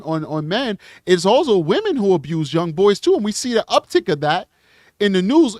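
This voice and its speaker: A man's voice: high voice, dry recording. Earnest male true crime host, dry. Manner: earnest, repeats himself, many restarts. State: emotional. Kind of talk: live stream sign-off and channel pitch.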